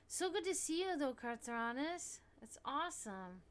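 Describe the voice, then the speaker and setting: A woman's voice: very animated, moderate pace, hardly any pauses, fairly bright tone, slight background noise. A woman hosting a casual livestream, rambling with many restarts and fillers, sounding tired. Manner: high baby talk to her cats. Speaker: livestream host.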